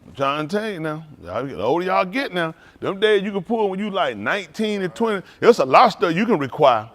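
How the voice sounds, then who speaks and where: A man's voice: high-pitched, big pitch swings, fairly quick, a bit bright. A man giving a humorous sermon, joking, laughing often and calling out to the congregation. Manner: joking, laughing often, call-and-response with the audience; colloquial and rambling, with many restarts. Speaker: preacher addressing a congregation.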